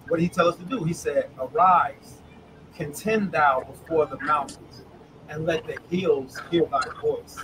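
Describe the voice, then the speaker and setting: Over a video call, a preacher with a high, lively voice leads an online Bible study, reading scripture slowly and then asking the group for their thoughts. He's animated, calls on listeners by name, and faint background noise sits behind him.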